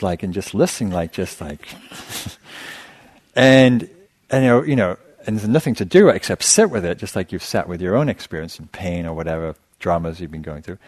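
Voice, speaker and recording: Low-voiced man giving a dharma talk. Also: no room sound. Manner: relaxed storytelling with self-deprecating humor. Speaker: meditation teacher. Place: meditation center hall.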